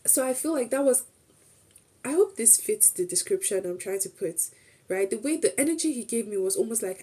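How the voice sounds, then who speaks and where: A woman's voice: mid-range voice, lively intonation, moderate pace, darkish tone, slightly rough. A young woman streamer chatting casually as she recaps a trip, rambling through restarts and acting out bits of dialogue.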